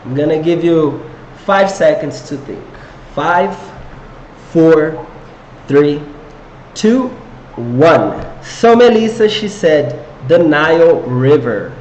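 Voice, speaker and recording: A man's voice: on the high side, expressive, takes it slowly, a little mellow, reverberant, slight background noise, rough recording. A man teaching an English grammar lesson to viewers, encouraging them and quizzing them with questions. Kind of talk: live online English lesson.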